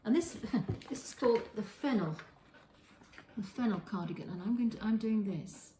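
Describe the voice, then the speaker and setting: A woman's voice: on the high side, animated, moderate pace, dark tone. Woman, casual rambling chat, echoey kitchen, faint hiss. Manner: rambling, with frequent restarts and self-corrections. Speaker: knitting podcast host. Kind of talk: casual show-and-tell chat. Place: home kitchen.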